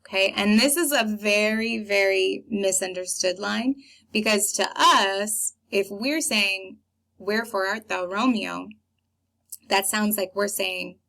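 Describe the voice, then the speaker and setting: A young woman talks through a classic play line by line, reading passages and then explaining them in easy, chatty terms with plenty of fillers. Her voice has a gravelly, creaky edge at mid pitch. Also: measured pace, bright, forceful tone. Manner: casual, chatty, with many fillers.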